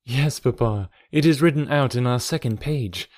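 A man reading a calm, sensible young woman. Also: mid-range voice, moderate pace, dry recording, studio quality, close to an everyday voice. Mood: reassuring. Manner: calm, reassuring. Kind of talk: audiobook reading.

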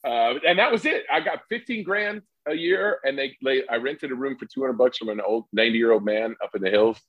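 Fast-talking man telling stories from Indiana. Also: medium pitch, animated, slightly rough, dull audio. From Indiana, USA. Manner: rambling, self-deprecating anecdotes with restarts. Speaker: podcast guest, actor. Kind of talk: casual storytelling chat.

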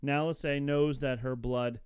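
Smooth-voiced man chatting on a podcast. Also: medium pitch, measured pace, dry recording, studio quality. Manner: animated, laughs often, breaks into silly voices. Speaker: podcast co-host. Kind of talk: casual chat.

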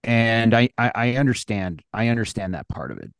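A man co-hosting a casual podcast chat who speaks haltingly, repeating words and correcting himself. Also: mid-range voice, very animated, no echo, studio quality. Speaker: podcast co-host.

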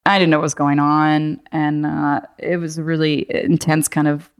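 A woman's voice: low voice, level tone, moderate pace, clean tone. A young woman casually telling a personal story, chatty and full of fillers, often laughing.

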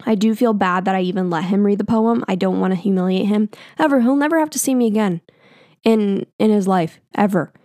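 A woman's voice: medium pitch, brisk, dark tone, no room sound, clean studio sound. A young woman telling a personal story in a casual, chatty way, full of "like" and the odd swear word. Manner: chatty, filler-heavy with lots of "like", casual swearing.

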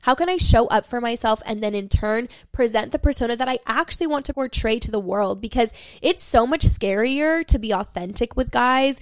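A woman's voice: on the high side, fairly quick, hardly any pauses, no room sound. A young woman in her twenties hosting a candid solo podcast, talking frankly with lots of swearing and "like" fillers, giving listeners a pep talk. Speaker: podcast host.

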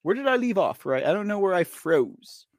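At a normal pace, this man speaks in a high voice, captured in studio quality with no room sound. He's running a political news livestream, animatedly bantering with his chat, teasing people and laughing a lot as he casually comments.

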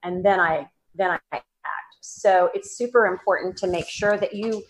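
A woman with a Southern accent, a psychic medium talking as a guest in an interview, animated and laughing, with many fillers and restarts. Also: lowish voice, normal speed. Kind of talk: casual interview talk.

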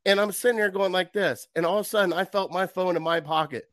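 A man ranting in a worked-up, animated way in a casual sports chat. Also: high-pitched, fairly quick, no room sound, studio quality.

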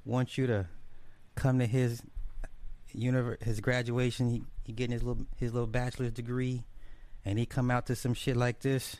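A man's voice: medium pitch, little pitch movement, moderate pace, darkish tone, no room sound. A man delivering a ranting solo commentary, blunt and scornful, who swears freely and repeats his points for emphasis.

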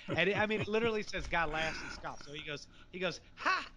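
A man's voice: a little high, background noise. A man speaking as a guest, giving fervent, preachy religious commentary that is packed with scripture. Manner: fervent, preachy, rapid scripture-laden rants.

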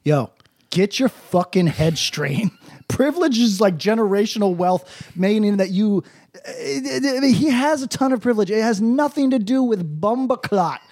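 A podcast co-host with a high-pitched, lively voice at a measured pace trades crude comedic banter. He swears constantly, riffs in loose, rambling rants, and swings into mock-patois shouts.

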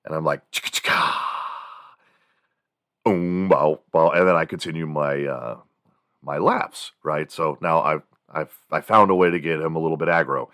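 Man, extremely low voice, animated storyteller, dry close sound. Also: moderate pace, no echo. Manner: animated, mimics sounds and voices, chuckles while telling stories. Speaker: podcast host. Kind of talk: casual storytelling monologue.

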